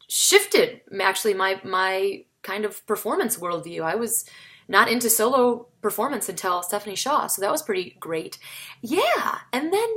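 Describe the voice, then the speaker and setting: A woman talking casually to the camera in a vlog, chatty and animated, with sudden jumps in pitch for emphasis. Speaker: vlogger, comedian and solo performer.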